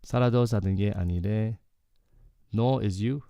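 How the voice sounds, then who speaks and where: A man teaching Korean through song lyrics in a relaxed, explanatory way, often checking in with "okay" and filling with "like". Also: on the low side, very fast, vocal fry, clean tone, dry recording. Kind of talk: casual lyrics breakdown lesson.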